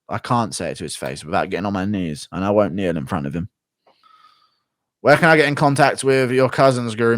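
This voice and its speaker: A young male livestream host reads donations in a casual chat, cursing freely and flaring up into rants between thank-yous. His voice is an ordinary middle pitch, and the sound is dry and close, with no room echo.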